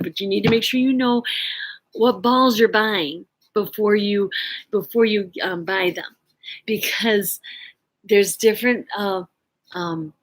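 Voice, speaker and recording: A woman's voice: medium pitch, slightly rough, rough recording. A woman vlogger casually telling a personal story, rambling with lots of fillers and restarts. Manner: laughs often while telling a story.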